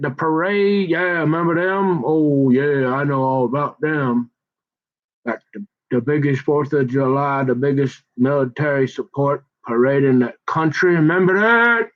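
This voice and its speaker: A man telling a long rambling story in a slangy, digressive way, acting out the voices of the people in it. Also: on the high side. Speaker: show host. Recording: dull lo-fi audio.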